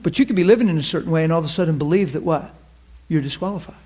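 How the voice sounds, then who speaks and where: High-voiced fervent male preacher. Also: animated, fast talker, darkish tone, husky. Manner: emphatic, fervent, asks the audience questions; laughs with the audience. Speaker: preacher teaching a class. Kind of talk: sermon.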